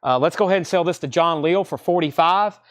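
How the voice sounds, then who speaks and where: A man with a slightly high voice hosts a live online record sale. He rattles off album titles, condition grades and prices in quick seller's patter, like an auctioneer working his stock. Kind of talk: live online sales stream.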